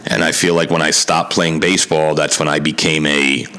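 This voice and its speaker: Low, bright-voiced man in his thirties. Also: little pitch movement, normal speed, low-quality recording. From Connecticut, USA. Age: 30s. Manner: candid and earnest, frank with mild swearing. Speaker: podcast host. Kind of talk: casual solo podcast monologue.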